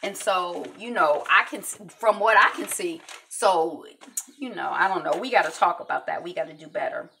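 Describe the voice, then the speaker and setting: Gravelly, bright-voiced woman recapping TV. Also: fairly low pitch, normal speed, a little hiss or hum. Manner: retells scenes acting out each character's lines. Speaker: TV recap reviewer. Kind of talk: casual episode recap.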